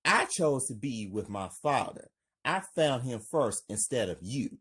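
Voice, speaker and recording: A blunt teenage boy, voiced by a man reading a drama script speaks in a flat way. The delivery is slow and a little husky, with lively pitch. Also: full character voice. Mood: cold.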